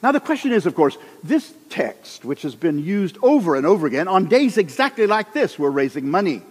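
Husky guy preaching, swoops his pitch all over, long church echo. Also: fairly quick. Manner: animated, acts out characters in the stories. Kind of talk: sermon.

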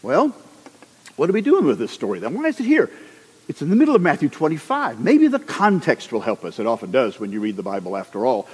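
A man preaching a sermon, animated and acting out the people in his stories. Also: medium pitch, fairly quick, husky, big-room sound. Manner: animated, acts out characters in the stories.

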